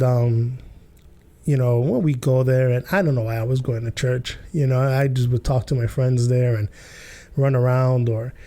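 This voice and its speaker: A man's voice: mid-range voice, dark tone. A man hosting a podcast, telling a childhood story and commenting in a casual, rambling way with many fillers, restarts and chuckles. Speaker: podcast host.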